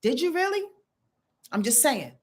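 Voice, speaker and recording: A woman astrologer giving a casual weekly rundown, blunt and profane, talking straight to her viewers and swinging between loud and low. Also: big pitch swings, moderate pace.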